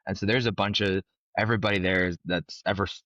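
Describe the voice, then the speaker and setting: A man who hosts a podcast and works as a paramedic, chatting in a relaxed way and often asking "right?". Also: sits low, fast, dry recording. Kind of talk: casual chat.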